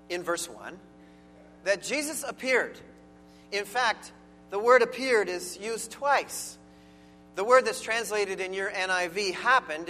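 A man's voice: high-pitched, sharp tone. A man preaching a sermon as pastor, earnest and emphatic, stressing key words. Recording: long hall reverb with faint music.

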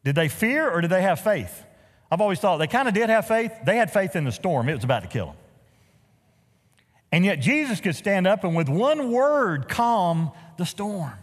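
Animated male pastor preaching in a reverberant hall. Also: high voice, moderate pace. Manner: animated storytelling with humorous asides. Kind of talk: sermon. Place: church sanctuary.

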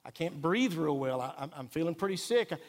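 A man's voice: fairly high pitch, lively intonation, brisk, big-room sound. A man preacher voicing a stubborn, snake-bitten ancient Israelite man who scoffs at the cure. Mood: frightened. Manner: frightened, then mocking and indignant.

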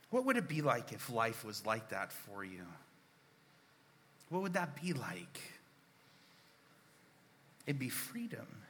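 Slow, earnest male preacher. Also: medium pitch, sing-song, fairly bright tone, in a large hall, slight background noise. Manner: unhurried, earnest, drops to a near whisper when reading scripture. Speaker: pastor. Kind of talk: sermon.

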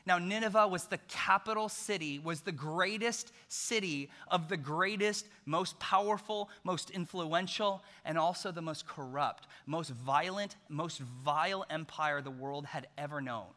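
A man delivers a sermon in a forceful, tense voice pitched a little high, telling a story animatedly and slipping in jokes. He speaks a little slowly with hardly any pauses, and a long hall reverb trails each phrase.

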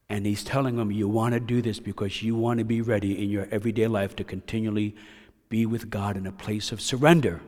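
A male pastor preaching a sermon, dropping to hushed tones and then rising to loud, impassioned emphasis. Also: lowish voice, fairly even intonation, normal speed. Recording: hall reverb.

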